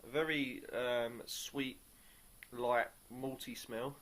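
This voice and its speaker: A man talks through a beer he is tasting in a relaxed home-video review. His voice sits at an ordinary mid pitch, and he is eager yet hesitant, often stopping to search for words. A faint background hum runs under the recording. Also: extremely slow. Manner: upbeat and enthusiastic.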